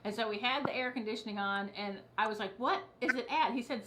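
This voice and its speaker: A woman's voice: fairly high pitch, fast, noisy background. A woman in her fifties from Michigan, co-hosting and chatting casually with frequent laughter. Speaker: co-host. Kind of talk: casual chat.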